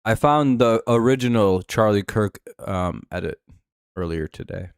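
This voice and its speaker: Low-voiced guy streaming a football game, dry laid-back chat, smooth clean sound. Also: a little slow, dry recording. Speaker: live stream host. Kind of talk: casual game-watching commentary.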